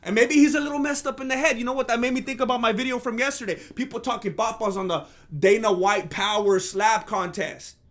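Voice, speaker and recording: High-voiced man ranting sarcastically. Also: a little fast, hardly any pauses. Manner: sarcastic, animated, mock-outraged. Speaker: commentary channel host. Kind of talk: comedic commentary rant.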